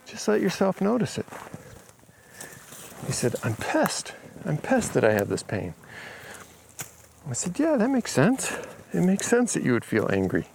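A man casually recounting a conversation with someone he helped, in a relaxed storytelling way, speaking outdoors on a rural property. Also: high voice, measured pace, vocal fry, pauses often, a little hiss or hum. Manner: relaxed, retells conversations with quoted dialogue. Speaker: healing coach.

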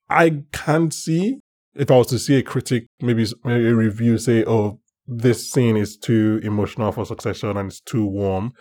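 Animated male podcast co-host. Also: on the low side. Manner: animated, acts out his own reactions in quotes. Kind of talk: casual chat.

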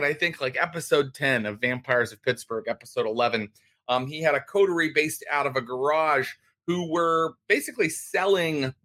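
A man's voice: on the high side, a bit bright. A man hosting and recapping a tabletop vampire game as storyteller, chatty with many fillers. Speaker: storyteller, host.

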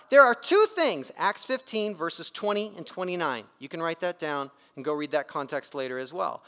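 Bright-voiced preacher in a reverberant hall. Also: male voice, fairly high pitch, lively intonation, moderate pace, few pauses. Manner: emphatic, conversational preaching with sharp shifts in loudness. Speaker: pastor. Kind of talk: sermon.

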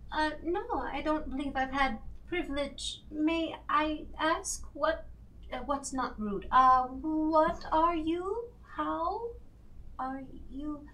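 Woman doing a formal, hesitant, high-voiced lady adventurer, speaking slowly from far off the mic. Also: pushed and bright, heavily acted. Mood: polite. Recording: distant mic.

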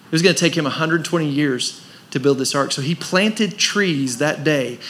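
A man's voice: fairly high pitch, normal speed, fairly bright tone, a little hiss or hum. A man preaching a sermon as pastor of a church, pressing his points with rhetorical questions and rising emphasis. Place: church service.

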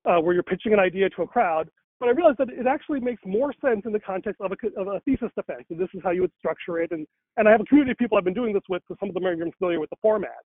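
Rambling man in casual conversation, high voice, tinny phone-line sound. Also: lively intonation, very fast, few pauses, no room sound. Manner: rambling, many fillers and restarts.

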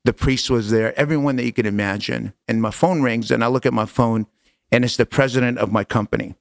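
A man's voice: medium pitch, steady tone, brisk, creaky, no echo, studio quality. A man, a podcast guest, telling his story in conversation, earnest and emphatic, repeating phrases for weight.

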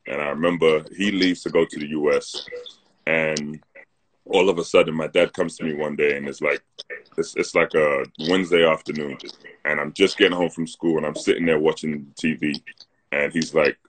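A man's voice: a bass voice, fairly even intonation, normal speed, slight background noise. A man in his thirties with a London accent, telling stories in a laid-back live-stream chat on a phone mic. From North London, England. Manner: laid-back storyteller, "like" and "you know". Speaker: co-host. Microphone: phone on a live video stream.

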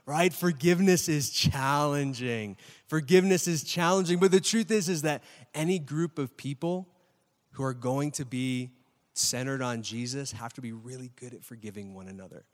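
A man's voice: mid-range voice, moderate pace. A man in his thirties preaching a sermon in a chatty style, asking the audience questions and often checking in with "right?". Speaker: pastor. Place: church hall with a live audience. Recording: long reverb of a large hall.

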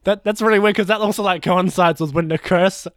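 A man guest on a comedy podcast, talking in a halting, stammering way. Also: sits high, fairly even intonation, fairly bright tone, clear, resonant tone, no echo, studio quality. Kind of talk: improvised comedy chat.

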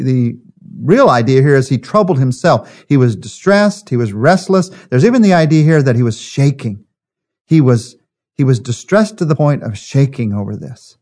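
A man preaching a sermon as pastor, earnest, slowing and softening on key phrases. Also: mid-range voice.

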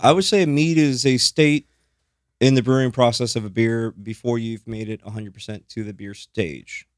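A man hosting a casual podcast, relaxed and slow when explaining, often stumbling over words. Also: medium pitch, no echo, studio quality. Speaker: podcast host. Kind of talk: casual group chat.

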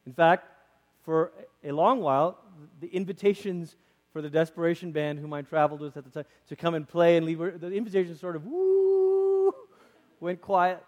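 A man preaching a conversational sermon as a pastor, lively and acting out quoted voices, in a church. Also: a little high, a little fast, big-room sound, muffled recording. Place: church sanctuary.

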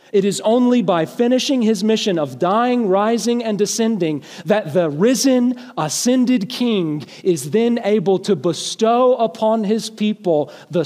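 High-voiced male pastor preaching. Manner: earnest preaching, rising to lively emphasis. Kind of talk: sermon. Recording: long hall reverb.

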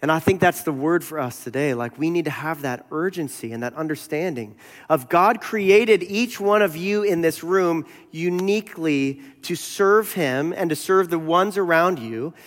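A man's voice: a little high, normal speed, a bit bright. A man preaching a sermon to his church, telling stories in a conversational way. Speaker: pastor. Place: church sanctuary. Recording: long hall reverb.

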